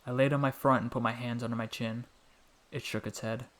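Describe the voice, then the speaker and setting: A young adult man narrating a scripted story in a calm, measured, softly spoken way. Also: mid-range voice.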